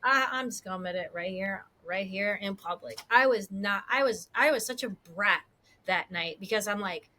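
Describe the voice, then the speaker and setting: A woman co-hosting a casual chat podcast, telling stories in an animated, self-mocking way. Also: mid-range voice, normal speed. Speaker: podcast co-host.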